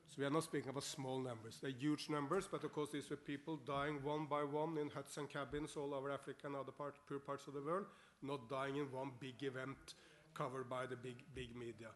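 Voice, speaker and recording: A man's voice: mid-range voice, level tone, brisk. A middle-aged man from Norway with a Norwegian accent, giving a formal speech to a parliament as guest speaker. He talks in an upbeat way and repeats words while he searches for them. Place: parliament chamber.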